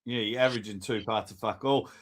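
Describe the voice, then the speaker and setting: A man's voice: medium pitch, fairly even intonation, fast. A man co-hosting a casual sports podcast, teasing and mocking. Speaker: podcast co-host.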